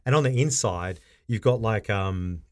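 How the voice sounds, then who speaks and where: A man co-hosting a casual podcast, who laughs often and acts out quotes in a raised, animated voice. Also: on the low side, moderate pace. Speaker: podcast co-host.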